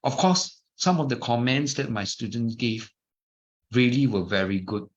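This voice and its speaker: A man's voice: medium pitch, lively intonation, moderate pace. A middle-aged man with a Malaysian English accent, giving an informal dharma talk full of anecdotes, chatty with restarts and asides. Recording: muffled lo-fi recording.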